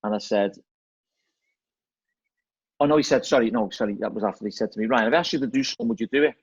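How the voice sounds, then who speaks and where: Fast-talking Scouse man, husky voice. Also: lowish voice, dry recording. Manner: chatty, repeats words, says "mate" and "you know what I mean". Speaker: football manager guest. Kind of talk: casual storytelling chat. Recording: slightly dull, dry lo-fi audio.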